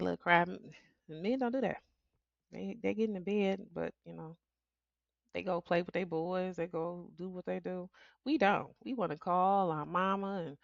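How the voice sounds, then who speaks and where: A woman's voice: lowish voice, creaky, dry recording, highs cut off. A middle-aged woman hosting a solo podcast, talking candidly and chatting with frequent laughs. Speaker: podcast host. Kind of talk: casual solo podcast talk.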